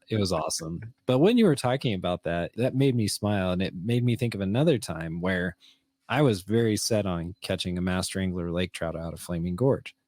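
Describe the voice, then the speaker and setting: Middle-aged male co-host, deep dry voice, relaxed storyteller. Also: dry recording. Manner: storytelling, easygoing. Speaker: podcast co-host. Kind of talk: casual conversation.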